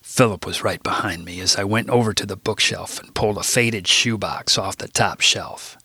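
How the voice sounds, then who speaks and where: Gravelly, wry male author narrating. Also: on the low side, moderate pace, sharp tone, no room sound. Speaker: author reading his own book. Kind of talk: audiobook narration.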